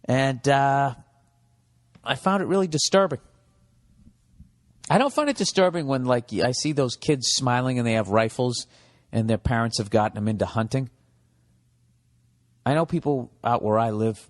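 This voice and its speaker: Man, 40s, from the US, podcast host, profane riffing monologue, middle pitch, long reverb. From United States.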